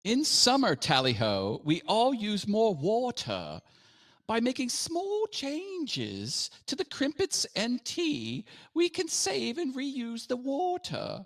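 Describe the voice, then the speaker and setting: A man's voice: very high-pitched, wildly swooping pitch, slow, pitched above the performer's own voice, heavily acted. A hammy posh Englishman. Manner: over-the-top, giggling through the lines.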